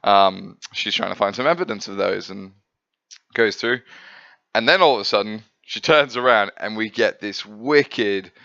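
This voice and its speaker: Man reviewing comics, rambling, low and bright, dull dry recording. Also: expressive, a little slow, creaky, no echo. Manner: rambling, filler-heavy, laughs at himself. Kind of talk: casual review chat.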